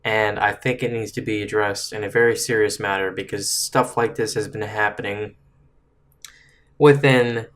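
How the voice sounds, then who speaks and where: A man giving casual political commentary for a video, sounding frustrated and stumbling now and then as he reads a letter aloud. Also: lowish voice. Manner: frustrated, halting, with restarts while reading.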